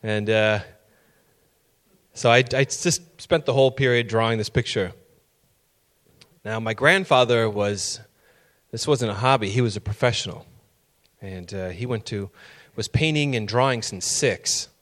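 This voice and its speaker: A man's voice: lowish voice, a little slow, long pauses, fairly bright tone. Storytelling man preaching a sermon. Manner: storytelling, builds to emphatic raised voice. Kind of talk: sermon with personal stories.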